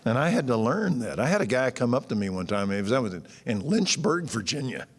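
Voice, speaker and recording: A man's voice: medium pitch, big pitch swings, brisk. A man, preaching a sermon in a folksy, blunt and joking way. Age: 60s. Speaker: pastor. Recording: long church-hall reverb.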